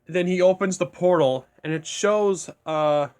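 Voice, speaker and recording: Young man, fairly high voice, casual fan storytelling, rambling, unscripted, lots of restarts. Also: moderate pace, a little mellow, clean tone. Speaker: video creator.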